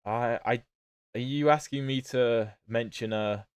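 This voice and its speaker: His medium-pitched voice is clear and resonant, a little slow, with no echo. A chess streamer with a British accent that isn't entirely standard, he's chatty on his livestream, talking through his games and responding to chat questions.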